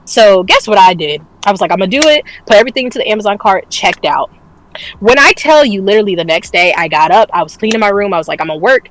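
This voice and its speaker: A woman's voice: mid-range voice, expressive, quick pace, a little hiss or hum, poor audio. A woman co-hosting a casual streamed talk show, telling a personal story candidly, swearing freely and laughing often. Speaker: podcast co-host. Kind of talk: casual chat.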